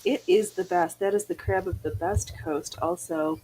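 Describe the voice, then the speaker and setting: A woman hosting a casual chat while she sews, chatty and playful and quick to laugh. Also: on the low side, steady tone, mellow, breathy edge. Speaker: podcast host.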